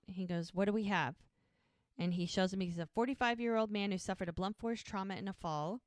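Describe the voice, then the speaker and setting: A woman's voice: medium pitch, brisk, no echo. Woman retelling TV scenes, dry sound. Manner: retells scenes by quoting characters. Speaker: podcast co-host. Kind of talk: casual recap chat.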